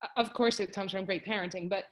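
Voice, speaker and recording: A woman's voice: mid-range voice, fairly even intonation, fast talker, low-quality recording. A woman, a wrestler's mother, speaking earnestly as a guest in a casual podcast interview over a video call.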